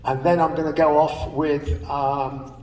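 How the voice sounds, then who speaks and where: A man's voice: a little high, level tone, a little slow, darkish tone. An older man telling anecdotes to a live audience in a chatty, laughing way, with casual swearing. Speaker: speaker at a live spoken-word show. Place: large theater stage. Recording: distant audience recording in a reverberant hall.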